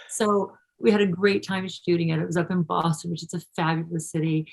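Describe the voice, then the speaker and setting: Effusive woman with a gravelly voice. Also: lowish voice, fairly even intonation, fairly quick, hardly any pauses, low-quality recording. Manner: effusive, gushing, restarts sentences. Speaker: actress interviewed. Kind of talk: casual interview talk.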